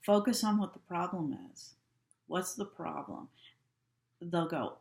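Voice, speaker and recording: A woman with a low voice gives a calm training talk at an unhurried pace and stresses each rule twice. The recording is echoey, as if made in a bare room. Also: creaky. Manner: calm, instructive, repeats key points. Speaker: healthcare trainer.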